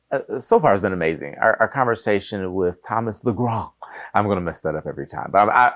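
A man's voice: lowish voice, no room sound, clean studio sound. A middle-aged man hosting a podcast interview, talking casually and enthusiastically with frequent restarts. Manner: warm, enthusiastic, rambling with restarts. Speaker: podcast host.

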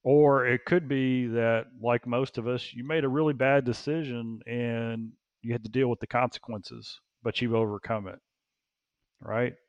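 A man speaking as an interview guest, a business coach who talks in an animated way, repeating phrases and laughing often. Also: mid-range voice, unhurried, no echo, lo-fi sound. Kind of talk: casual interview talk.

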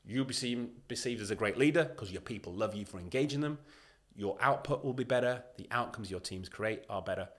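A man talking as a guest on a podcast interview, emphatic and animated, acting out what other people say as he makes his points. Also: lowish voice, a little fast, hardly any pauses. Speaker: podcast guest, leadership consultant.

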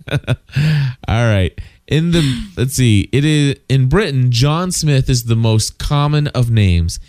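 A man's voice: mid-range voice, expressive, slow, darkish tone, no room sound, clean studio sound. A man co-hosting a casual podcast, reading listener feedback aloud with many fillers and side comments. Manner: reads listener mail aloud with frequent fillers and asides.

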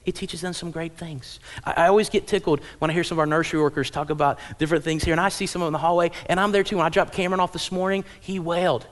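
A man in his thirties delivers a church sermon, his voice sitting a touch higher than most men's. He preaches with animated storytelling and slips into playful voices for parents and children. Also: racing, hardly any pauses. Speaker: pastor. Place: church auditorium.

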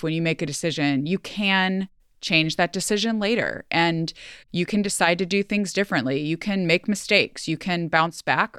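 A woman's voice: sits low, a bit bright, smooth, no echo. A woman hosting a solo podcast, speaking earnestly and emotionally, close to tears, in a chatty way full of fillers. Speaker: podcast host. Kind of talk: heartfelt solo podcast farewell.

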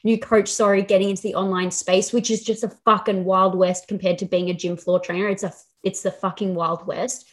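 A woman's voice: medium pitch, little pitch movement, a little fast, hardly any pauses. Sweary, candid woman podcast host. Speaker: podcast host, fitness coach. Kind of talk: casual podcast chat.

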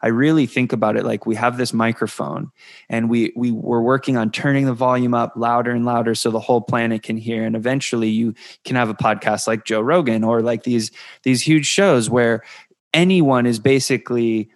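A man hosts a podcast in a level, even tone that stays in a narrow band. He talks thoughtfully and often circles back over his words as he builds an idea. The sound is dry and close to the mic. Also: mid-range voice, moderate pace, dry recording. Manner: thoughtful, repeats words while building ideas. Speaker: podcast host. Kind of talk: conversational interview.

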